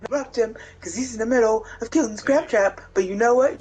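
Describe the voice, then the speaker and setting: A man co-hosting a gaming video, telling a story in a lively, profanity-laced casual chat. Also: extremely high pitch, fast talker, poor audio. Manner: animated, swears freely, talks to himself in retellings. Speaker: gaming co-host.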